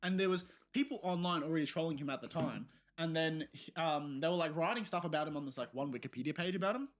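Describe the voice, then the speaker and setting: Young guy on a podcast, kinda high voice, gets worked up and laughs while telling stories. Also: quick pace. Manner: animated storytelling, swearing, laughing. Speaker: podcast co-host. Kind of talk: casual chat.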